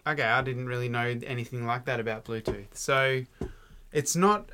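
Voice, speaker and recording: A man hosting a podcast, telling relaxed anecdotes in a casual way. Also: medium pitch, moderate pace, slight background noise. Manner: relaxed anecdotal storyteller, laughs easily. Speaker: podcast host. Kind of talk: casual storytelling.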